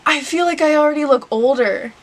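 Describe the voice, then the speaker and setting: A young woman talking excitedly to her camera at home, gasping and often dropping to a whisper. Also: sits high, a little fast. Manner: excited and breathless, gasps and often whispers to herself. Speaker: vlogger. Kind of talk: casual vlog monologue.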